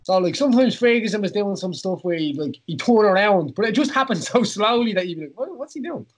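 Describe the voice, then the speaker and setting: A man's voice: sits high, lively intonation, fast. An Irish man hosting a podcast in casual chat, rambling with many fillers and frequent laughs. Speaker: podcast host, former fighter.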